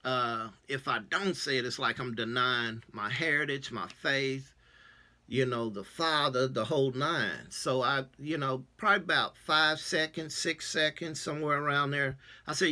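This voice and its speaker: Casting note: male church elder, bright clear tone, loose storytelling with lots of uh's. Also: mid-range voice, a little slow. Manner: casual, many fillers, acts out quoted dialogue. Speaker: religious elder. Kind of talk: personal testimony storytelling.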